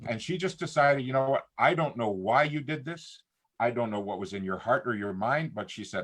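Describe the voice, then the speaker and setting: A man's voice: mid-range voice, fairly quick. A middle-aged man in casual conversation as a talk show guest, telling stories and acting out what people said. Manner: animated storyteller who acts out quotes.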